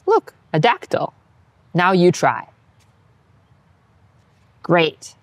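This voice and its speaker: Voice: medium pitch, animated, measured pace, dry recording. A patient Latin teacher giving scripted instructional narration, modeling each phrase and then encouraging the listener to repeat it.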